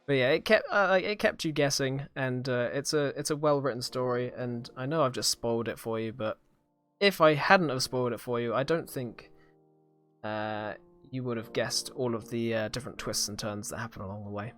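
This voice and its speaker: British young man, podcast host, loose rambly live-stream chat, mid-pitched, faint music underneath. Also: moderate pace, a bit bright. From Britain. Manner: rambling, hesitant, many fillers and laughs. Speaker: podcast host reviewing a series.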